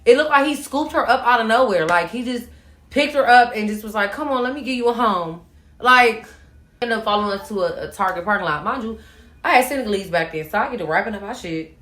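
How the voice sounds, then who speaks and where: A woman's voice: mid-range voice, quick pace, roomy sound. A woman telling a personal story in a casual monologue, swearing freely and acting out what people said. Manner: animated, profane, acts out quotes. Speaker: storytime host.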